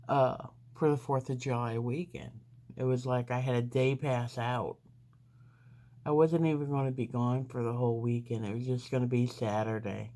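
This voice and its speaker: A woman's voice: very deep voice, steady tone, dark tone. A woman telling a long personal story in a casual, rambling way while she does her makeup. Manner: rambling, unhurried, with frequent fillers. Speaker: beauty vlogger.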